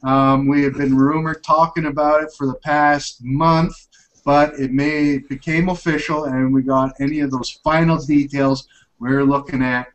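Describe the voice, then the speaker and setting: A man's voice: mid-range voice, level tone, measured pace, dull audio. A man hosting a casual tech podcast, chatty and upbeat, rambling as he talks. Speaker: tech show host.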